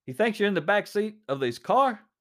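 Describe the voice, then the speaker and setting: A man voicing a firm, questioning male highway patrolman in a read-aloud story. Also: very animated, moderate pace, fairly bright tone.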